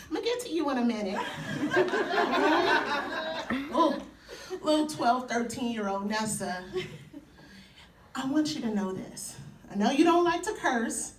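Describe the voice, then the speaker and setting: A woman's voice: sits high, background noise. A woman giving a live spoken-word performance to an audience in a university hall, tender and playful, often laughing. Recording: echoey hall, mic far off.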